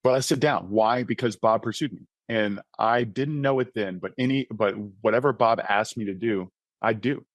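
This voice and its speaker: A man in his thirties, an author and founder of a mentoring ministry, appears as a podcast guest to share his personal faith testimony. He is earnest and conversational, often checking in with "right?". His voice is on the low side, at a moderate pace, with no room sound.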